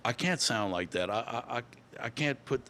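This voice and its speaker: A man's voice: mid-range voice, expressive, a little fast, bright, forceful tone, a little hiss or hum. A man, telling stories as a guest in a casual interview, often repeating and restarting words. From Louisiana. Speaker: guest musician.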